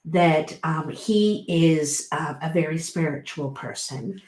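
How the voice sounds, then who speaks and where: Slow, mellow-voiced woman reading tarot. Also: low voice. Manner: chatty, encouraging, bursts of excitement. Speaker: tarot reader. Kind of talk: casual tarot reading to camera. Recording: roomy echo.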